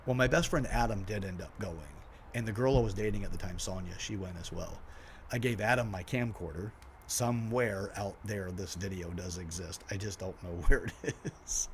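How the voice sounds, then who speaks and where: A man in his forties, a podcast host, telling a personal story in an animated way, acting out what people said and laughing at himself. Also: sits low, moderate pace, a little hiss or hum.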